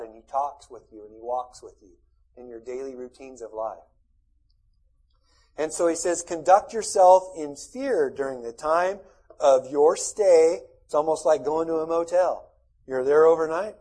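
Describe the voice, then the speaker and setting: A man's voice: a little high, mellow, slightly rough, poor audio. A middle-aged man pastor giving a conversational, folksy sermon with asides to the congregation.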